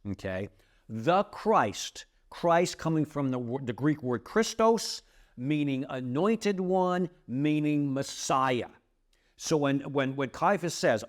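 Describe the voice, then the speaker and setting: Animated, unhurried male Bible teacher. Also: a little high. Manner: peppers explanations with checking tags like "okay?" and "right?"; emphatic, dramatic storytelling. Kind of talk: podcast Bible study teaching.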